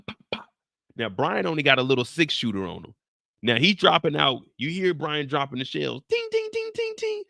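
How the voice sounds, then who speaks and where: A man with a gravelly, crisp voice recaps a TV episode live, full of slang and profanity. He acts out the scenes with gunshot noises and side stories. His sound is dry and close. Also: medium pitch, a bit bright, no room sound. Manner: acts out scenes with sound effects and personal anecdotes. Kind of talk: animated storytelling recap.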